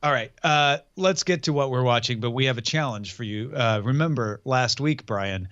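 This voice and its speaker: A man's voice: medium pitch, normal speed, fairly bright tone, highs cut off. A man co-hosting a podcast in casual chat, with a dry, joking manner. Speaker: podcast co-host.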